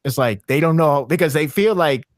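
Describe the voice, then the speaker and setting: A man talking casually on a podcast, excitable and rambling, with frequent restarts and fillers. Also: a little high, moderate pace, dry recording, clean studio sound. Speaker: podcast co-host.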